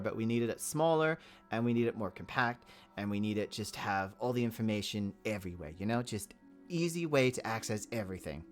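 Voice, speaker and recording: A man's voice: mid-range voice, a bit bright. A man giving casual gameplay commentary as a roleplay server player, rambling and often stammering and repeating words.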